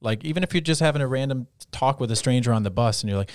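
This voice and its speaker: Speaking fast in a mid-range voice, a thirtysomething man tells animated stories in casual conversation and acts out what people said. It's a dry, studio-quality recording.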